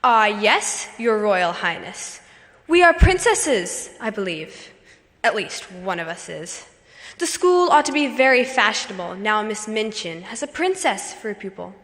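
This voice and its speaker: A woman's voice: high voice, measured pace, few pauses, bright, forceful tone. A woman voicing a haughty, spiteful schoolgirl who sneers and mocks, recited in a hall with long reverb. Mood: sneering. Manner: sneering, mocking.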